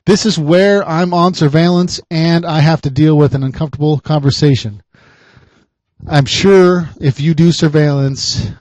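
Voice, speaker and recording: A man hosting a podcast, a private investigator telling a story in a chatty, animated way. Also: fairly high pitch, dry recording. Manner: animated, chatty, laughs often.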